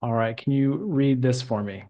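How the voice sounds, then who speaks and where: A male English teacher explains grammar deliberately and patiently, slowing down to stretch key words so the student can follow. His pitch is an ordinary middle range for a man, and the recording's highs are cut off.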